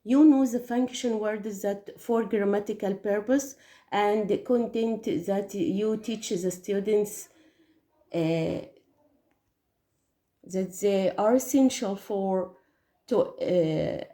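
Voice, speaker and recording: A woman's voice: medium pitch, takes it slowly, dark tone. A woman whose first language is Arabic gives English teaching tips, explaining carefully with some hesitations. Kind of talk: teaching tips, spoken lesson. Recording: echoey room.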